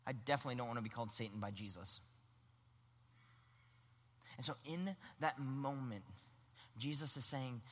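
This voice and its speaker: A man preaching a sermon, animated and acting out the voices in the story. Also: medium pitch, moderate pace, pauses often, big-room sound. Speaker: pastor.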